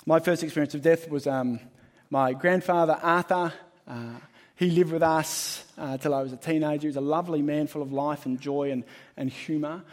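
A man preaching a sermon as pastor, emphatic and shifting between loud and hushed. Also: fairly high pitch, steady tone, moderate pace. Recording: long hall reverb.

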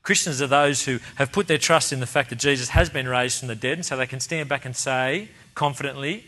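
A man's voice: medium pitch, animated, brisk, few pauses, pushed and bright. Earnest man preaching a sermon. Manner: earnest, emphatic, repeats key phrases for stress.

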